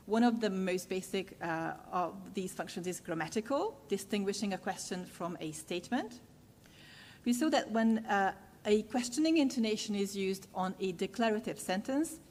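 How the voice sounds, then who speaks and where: Woman lecturer, mid-pitched, measured with many "uh" pauses, reverberant hall, faint rumble. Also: darkish tone. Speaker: university lecturer. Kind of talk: academic lecture.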